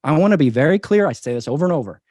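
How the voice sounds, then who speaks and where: A man's voice: on the high side, lively intonation, racing, a little mellow, dry recording. A man, a company CEO, answering interview questions in an emphatic, persuasive way and repeating his key points.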